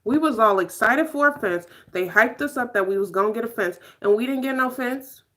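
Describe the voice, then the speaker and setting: A woman's voice: a little high, fairly quick. A woman hosting a casual live stream, reacting to a show and answering viewers by name. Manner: animated, laughing, reading viewer names aloud.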